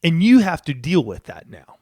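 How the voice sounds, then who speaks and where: A man's voice: a little high, huge pitch swings, normal speed, darkish tone, no room sound, studio quality. A middle-aged man co-hosting a talk podcast, speaking earnestly and emphatically, often repeating words. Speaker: podcast co-host. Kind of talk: casual chat.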